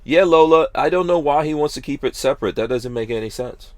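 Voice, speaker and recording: A man's voice: mid-range voice, brisk, dry recording. A man hosting a podcast in casual chat, rambling along with lots of hedges and restarts. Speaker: podcast host.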